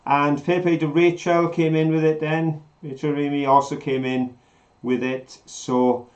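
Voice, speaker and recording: A man's voice: a little high, flat delivery, measured pace, darkish tone. A man, co-hosting a live stream in a chatty, jokey, enthusiastic way. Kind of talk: casual live-stream chat. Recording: slightly dull lo-fi sound.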